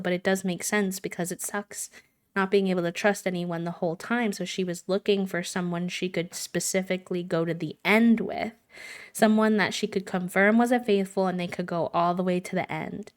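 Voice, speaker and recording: Chatty young woman streamer. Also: medium pitch. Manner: chatty, animated storytelling with many fillers. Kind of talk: casual chat to a live stream audience.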